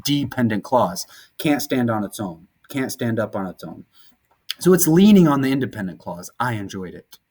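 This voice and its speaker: A man's voice: medium pitch, expressive, a little mellow. Chatty male teacher lecturing. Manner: conversational, explains terms with casual asides and quick rhetorical checks. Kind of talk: recorded classroom lecture over slides.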